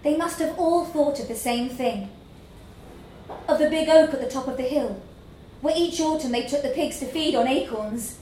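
A woman reading a literary story aloud in a slow, measured storytelling manner. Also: high voice, dark tone, a little hiss or hum. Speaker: narrator. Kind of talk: scripted narration of a literary story. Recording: echoey room with faint ambience.

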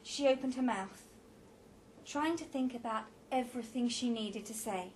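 High-voiced woman reading a story. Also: normal speed, a little mellow, a little hiss or hum. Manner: dramatic, varied delivery.

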